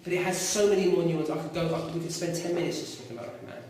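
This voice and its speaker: A man's voice: a little high, racing. Echoey far-off male teacher in a classroom. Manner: lively, asks students questions often. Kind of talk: classroom lesson, questioning students.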